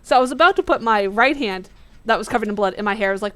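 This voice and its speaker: A woman hosting a gaming video, telling a personal story in a casual, animated way and acting out her own past lines. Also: medium pitch, rapid-fire. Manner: animated, acts out her past self in quotes. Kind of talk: casual storytelling over gameplay.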